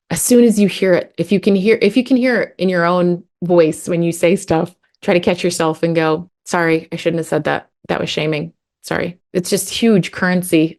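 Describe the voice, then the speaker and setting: A woman in her forties, a parenting coach, talking candidly and animatedly in a slangy, casual chat. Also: low-pitched.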